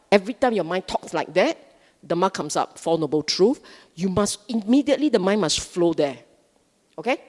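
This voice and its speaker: A woman's voice: mid-range voice, lively intonation, moderate pace, a little mellow. A woman giving a live Buddhist Dhamma talk, emphatic and questioning, often repeating words for stress. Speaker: Buddhist dharma speaker. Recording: long hall reverb.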